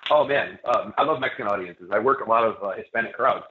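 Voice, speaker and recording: A fairly low-voiced man talks quickly, a wrestler guest on a relaxed podcast spinning a long, meandering story with many fillers and restarts. The recording is echoey and phone-like lo-fi.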